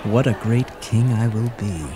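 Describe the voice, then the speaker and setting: A man's voice: fairly low pitch, steady tone, a little slow, over loud music, pitched above the performer's own voice, close to an everyday voice. A man voicing Absalom, an arrogant young prince who talks in a smug, commanding way.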